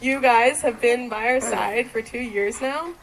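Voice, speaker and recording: Teen girl graduate, higher voice, reading heartfelt thank-yous with frequent nervous giggles. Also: a little slow, low-quality recording. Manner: giggly, laughing often between sentences. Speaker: graduating student. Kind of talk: graduation thank-you speech.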